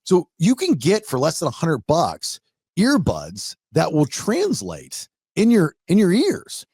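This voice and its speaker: A man chatting on a podcast, talking with a slightly high pitch and a very lively, animated tone. He tells stories in a rambling way, full of restarts. The room is very dry. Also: takes it slowly, slightly rough, no room sound. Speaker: podcast host. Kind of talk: casual chat.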